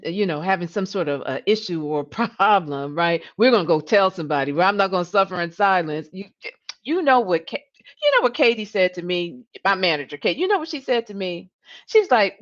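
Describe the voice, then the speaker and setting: On a muffled recording, a woman with a mid-range voice hosts a live-streamed coaching talk. She's a leadership coach and host, earnest in tone, who often repeats words and says "you know."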